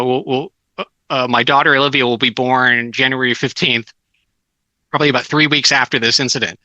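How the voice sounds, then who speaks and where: A man's voice: mid-range voice, sharp tone, no echo, low-quality recording. A middle-aged man telling casual stories as a guest, with many restarts and fillers. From Southern California. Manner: rambling anecdotes with many restarts. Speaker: guest author. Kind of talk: casual storytelling.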